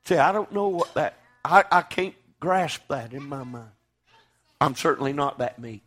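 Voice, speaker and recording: A man preaching a sermon, swinging from loud, fervent declaiming to hushed, quiet lines. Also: a little high, animated, moderate pace.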